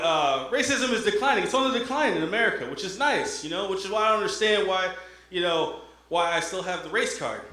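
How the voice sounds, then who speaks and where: A young man performs a stand-up comedy set on a stage mic, loose and conversational. His voice is high and bright, and it rings around an echoey room. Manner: loose, conversational, audience-checking.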